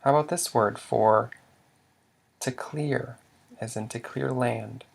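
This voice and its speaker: A man's voice: mid-range voice, slow pace, creaky. A man teaching a language lesson, patiently quizzing the listener and sounding out example words. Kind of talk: slow instructional explanation.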